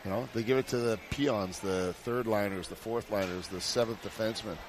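A man's voice: fairly low pitch, fairly even intonation, brisk, background noise. A man guest, a hockey coach, chatting casually with blunt dry remarks. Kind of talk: casual chat.

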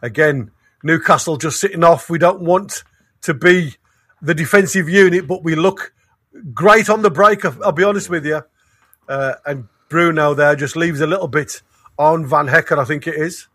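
A man giving excited, partisan live match commentary, his voice going hoarse. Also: fairly high pitch, no room sound, clean studio sound. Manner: excitable, rapid, restarts sentences. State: losing his voice. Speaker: fan commentator.

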